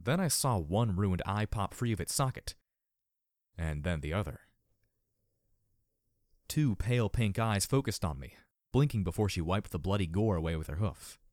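A low-voiced, expressive male narrator. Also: a little fast, hardly any pauses, no echo, clean studio sound. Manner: expressive, dramatic. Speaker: audiobook narrator. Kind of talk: audiobook narration.

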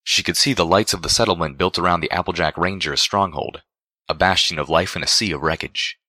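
A man narrating a fan fiction story aloud in a steady reading voice. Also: deep voice, fairly quick, dry recording, clean studio sound.

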